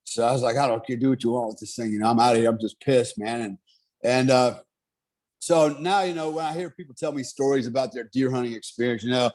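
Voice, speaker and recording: A middle-aged man telling a story in casual chat, animated, swearing and laughing often. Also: medium pitch, fast.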